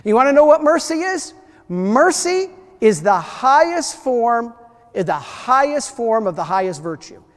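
A man giving a sermon as a priest at a parish mission, telling stories, acting out the voices in them and repeating his key phrases. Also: very high-pitched. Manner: storytelling preacher, repeats key phrases, acts out quoted voices. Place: church. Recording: church hall reverb.

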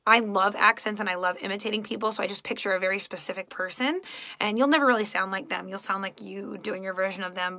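An actress and voice actress rambles through stories in a chatty, casual recorded message to a fan. Her mid-range voice sounds pushed and bright, and there's no echo.

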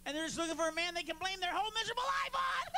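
Brash profane man, gravelly high voice. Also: animated, quick pace, heavy background noise. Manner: brash, profane, erupts into shouting. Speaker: stand-up comedian. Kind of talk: stand-up routine, crowd work.

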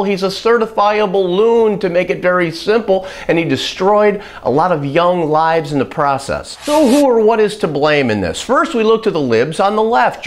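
Man, vlogger, high voice, blunt, sarcastic, emphatic opinion rant. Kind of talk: opinionated commentary vlog. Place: Chicago.

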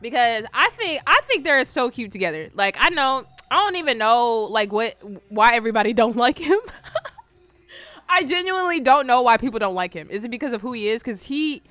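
A woman's voice: a little high, very animated, brisk, few pauses, pushed and bright, dry recording. A woman host chatting casually as she reacts to memes, rambling in slang and laughing often. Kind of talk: casual meme-reaction chat.

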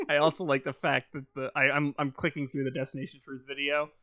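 A man's voice: medium pitch, flat delivery, brisk, pushed and bright, no echo. A man co-hosting a podcast, making dry, wry remarks in casual chat. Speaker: podcast co-host. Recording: dry, slightly muffled mic.

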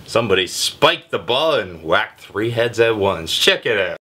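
A man hosting a comedic news vlog, sarcastic and irreverent, with a deliberately lazy, low delivery. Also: sing-song, pushed and bright. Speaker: vlog host.

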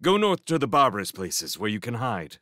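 A man voicing an urgent, commanding young male merchant in chains, in a storybook reading, speaking in brisk instructions. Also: mid-range voice, sing-song, a bit bright, no echo, studio quality. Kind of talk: storybook character voice.

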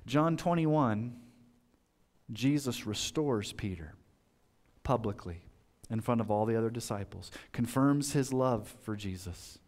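A man preaching a sermon in church, earnest, swinging from loud fervent passages to soft, hushed lines. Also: mid-range voice. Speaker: pastor. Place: church sanctuary.

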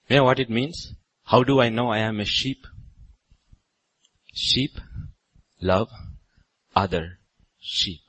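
A man's voice: mid-range voice, lively intonation, unhurried, pauses often, breathy edge, no room sound, low-quality recording. Emphatic man preaching a sermon. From India. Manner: emphatic, with sudden loud rises on repeated phrases. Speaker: pastor. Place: church.

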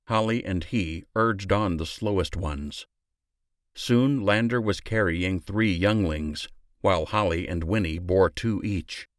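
A man with a low voice narrates an audiobook from a script, telling the story in a steady, measured way. The recording is dry and of studio quality.

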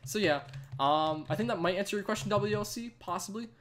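A man's voice: sits high, fairly quick, a bit bright, slight background noise. A young man streaming a game live, out of breath and chatting in a rambling way full of "like". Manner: rambling, chatty, says "like" a lot. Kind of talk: casual live stream chat.

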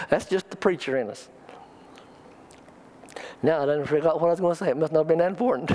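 Middle-aged pastor, slightly high voice, folksy storytelling sermon style in a church. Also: male voice, a little mellow. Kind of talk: Pentecostal sermon. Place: church sanctuary.

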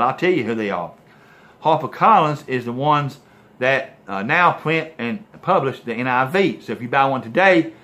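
Guy preaching hard at the camera, keeps going folks listen, bit high pitched. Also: a bit bright. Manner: impassioned, emphatic, repeatedly saying "folks, listen". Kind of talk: preaching to a video audience.

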